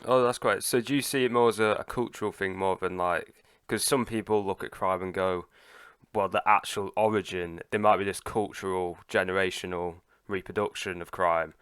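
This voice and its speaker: A man with a very deep, smooth voice, hosting a casual podcast chat. He asks thoughtful, probing follow-up questions, recorded dry and close. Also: fairly even intonation, moderate pace, fairly bright tone, dry recording.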